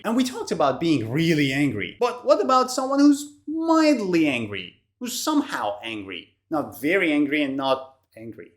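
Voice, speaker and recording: A woman presents an online English vocabulary lesson. Her intonation rises and falls widely as she talks, and she slows down to repeat each new word for pronunciation practice. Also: lowish voice. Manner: animated, slowly repeats key words for pronunciation. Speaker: English teacher.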